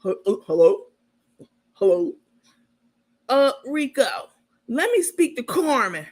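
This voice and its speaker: A woman voicing a flustered man who stammers and rushes on the phone. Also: a little high, very animated, a little mellow, heavily acted. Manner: hurried, stammering.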